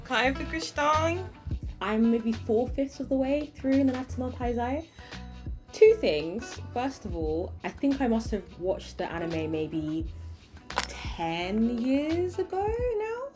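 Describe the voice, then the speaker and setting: A young woman chatting casually to camera as a vlogger, expressive and giggly, acting out her own reactions at home. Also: on the high side, slow pace, faint music behind.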